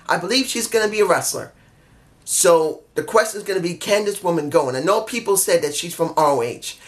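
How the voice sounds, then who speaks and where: A man giving a casual solo review of a wrestling show, rambling and excitable, often losing track of names. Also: high-pitched.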